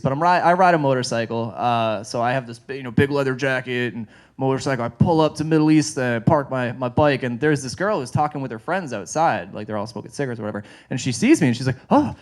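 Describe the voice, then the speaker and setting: A man's voice: mid-range voice, fast, hardly any pauses. A man doing a stand-up comedy set, rambling through self-deprecating stories and laughing at his own jokes. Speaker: stand-up comic. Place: comedy show stage.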